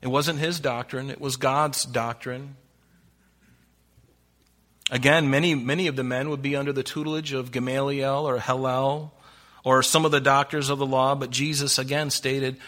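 A man preaching a conversational verse-by-verse sermon as a pastor, full of rhetorical questions and dropping into soft, low asides. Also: level tone, normal speed. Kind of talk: sermon, verse-by-verse Bible teaching.

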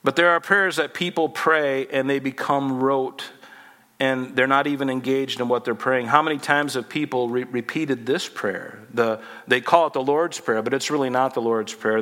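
A man's voice: mid-range voice, bright, forceful tone, long reverb tail. A man in his forties preaching a sermon in a conversational, humorous way, acting out little dialogues. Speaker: pastor.

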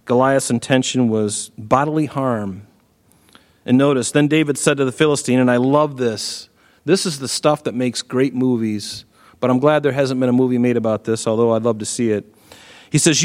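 A male preacher explains scripture verse by verse, telling the story with animated, emphatic delivery. His voice sits at a middle pitch. Long reverb from a large hall follows each line. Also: normal speed. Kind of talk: sermon, Bible exposition. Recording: echoey hall.

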